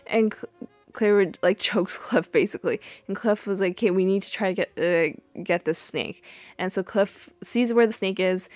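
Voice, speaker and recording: A woman's voice: moderate pace, no echo, soft background music. Chatty woman recapping a sitcom episode. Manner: chatty, many fillers, acts out quotes in a high squeal. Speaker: podcast host.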